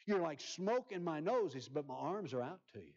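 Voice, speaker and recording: Fervent pastor, lo-fi sermon audio. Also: male voice, a little high, animated, a little fast. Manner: swings from loud emphasis to near-whispers, reads scripture aloud.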